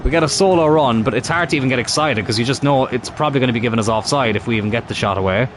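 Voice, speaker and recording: Racing along over music, a man with a medium-pitched voice casually comments on a football management game for YouTube. Frustrated, he mutters and grumbles throughout and often swears at the game.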